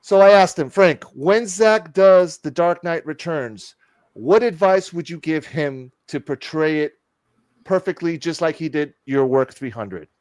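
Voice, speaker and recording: A man co-hosting a geek podcast, telling stories in an excited, casual way and swearing freely. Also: fairly high pitch, a little slow, dry recording. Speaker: podcast co-host. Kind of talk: casual chat.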